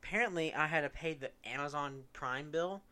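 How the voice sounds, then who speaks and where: A man's voice: fairly high pitch, fairly quick, pushed and bright. A teenage boy talks casually as a podcast co-host. He tells stories in a loose, chatty way and breaks into laughter often. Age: teens. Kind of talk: casual chat.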